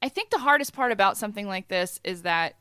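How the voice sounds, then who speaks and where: A woman's voice: mid-range voice, animated, quick pace, sharp tone, clean tone, no room sound. A woman hosting a podcast, chatting casually with jokes and frank swearing. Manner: joking, candid, swears freely. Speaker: podcast host.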